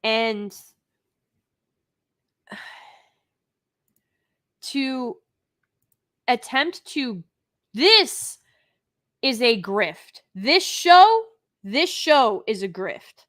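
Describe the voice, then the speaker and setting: Slow, bright-voiced indignant woman reviewer. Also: on the high side, lively intonation. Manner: indignant, emphatic, with sighs and restarts. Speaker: live-stream reviewer. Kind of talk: unscripted live review commentary.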